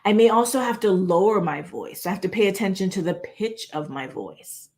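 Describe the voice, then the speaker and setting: A woman coaches her viewers straight to the camera in a relaxed, animated lesson. She keeps checking in with a quick "right?", and her voice sits at an ordinary middle pitch. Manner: animated, conversational, tag questions like "right?". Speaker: presentation coach. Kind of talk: casual video lesson. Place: indoor room, moving between standing and seated. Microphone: on-camera recording.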